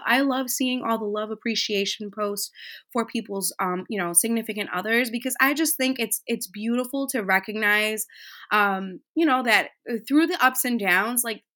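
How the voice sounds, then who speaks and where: A woman's voice: a little high, moderate pace, fairly bright tone. A woman in her thirties hosting a casual, heartfelt monologue, chatty with many fillers. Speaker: podcast host.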